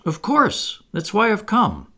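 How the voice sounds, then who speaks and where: Guy doing a cocky little boy who never grew up, high and loud, gravelly edge. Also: wildly swooping pitch, normal speed, exaggerated voice. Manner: cocky, then frightened and sulky. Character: Peter Pan, boastful eager boy who never grew up.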